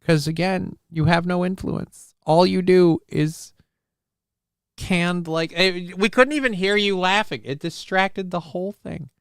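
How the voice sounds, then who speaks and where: A high-pitched man hosts a live call-in show, reacting to videos with heated, sarcastic rants full of swearing. His delivery is measured, clear and resonant. The recording is dry and studio quality.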